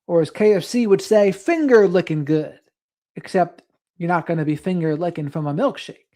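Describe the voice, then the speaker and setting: A late-night livestream host talks loosely into a desk mic, reading out comments from the audience and wandering off into side topics. The pitch sits in a middle range, and the delivery is easygoing and chatty. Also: a little fast, warm tone. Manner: rambling, reads out viewer comments and drifts into asides. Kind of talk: casual late-night live stream chat.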